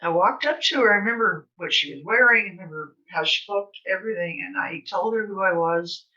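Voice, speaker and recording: Older lady rambling through a story, bright kinda sharp voice, a bit far from the mic and dull sounding. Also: medium pitch, lively intonation, a little fast. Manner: chatty, rambling, many fillers. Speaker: guest speaker. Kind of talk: casual storytelling. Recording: slightly distant, dull sound.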